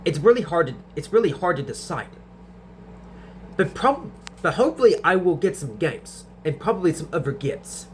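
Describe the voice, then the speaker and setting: A young man with a slightly high voice answers viewer questions in a casual vlog. He stumbles, repeats words and restarts his sentences as he goes, over a faint steady hum. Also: brisk, few pauses. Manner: stutters and restarts sentences often.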